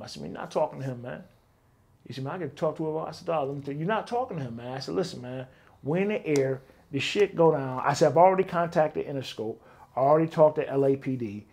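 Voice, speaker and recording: A middle-aged man, telling stories in a casual interview and acting out the dialogue. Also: fairly high pitch. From Detroit, US. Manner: animated, acts out quoted dialogue. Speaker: interview guest, former bodyguard.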